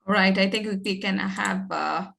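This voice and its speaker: Bright woman teacher, patient. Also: medium pitch, fairly even intonation, measured pace, vocal fry. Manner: patient, coaxing, with many fillers and okays. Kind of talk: online class teaching.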